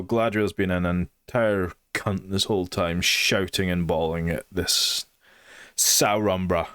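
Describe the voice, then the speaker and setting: Guy ranting sarcastically about a show, kinda low voice, dry close sound. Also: fairly bright tone, clear, resonant tone, no echo. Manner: blunt, sarcastic, swears freely. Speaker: TV show reviewer. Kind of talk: casual opinionated review.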